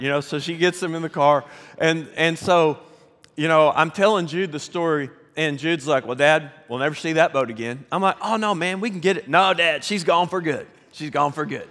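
A middle-aged man with a Southern American accent, a pastor telling a folksy, animated story with laughs during a sermon. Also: a little high. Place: large church sanctuary. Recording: long hall reverb.

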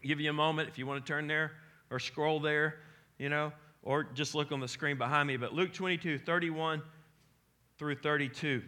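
A man, preaching a conversational, animated sermon as pastor. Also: fairly high pitch, normal speed.

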